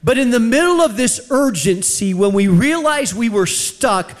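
A man's voice: extremely high pitch, normal speed. A man from the United States preaching a sermon, telling a personal story and acting out the voices in it. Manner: animated, acts out quoted voices.

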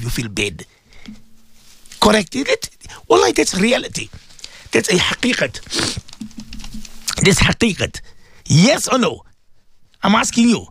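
A middle-aged man gives a devotional talk on the radio in a somewhat high voice. He is insistent and pleading and circles back over the same words again and again. He keeps asking the audience direct questions, and the sound is close and dry. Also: vocal fry, slightly rough, no echo. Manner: emphatic and pleading, repeating words and phrases; addresses listeners directly with questions. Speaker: radio preacher and host.

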